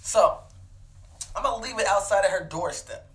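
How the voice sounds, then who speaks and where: A young man in his twenties, a podcast co-host, telling an animated comedic story and acting out the dialogue. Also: high voice, moderate pace. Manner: animated, laughing, acts out dialogue.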